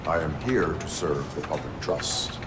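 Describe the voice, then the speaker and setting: Cyborg cop, very deep voice, flat robotic delivery, formal, game audio over a noisy background. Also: male voice, a little slow. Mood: stern. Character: male cyborg police officer, stiff and formal. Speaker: police officer. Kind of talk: video game voice acting.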